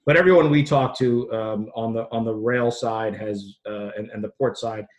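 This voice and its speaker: Male analyst guest, low-ish voice, quick and unpolished, lots of "uh". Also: low-quality recording. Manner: fast, thinking aloud with many fillers and restarts. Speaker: freight industry analyst guest. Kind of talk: interview answers.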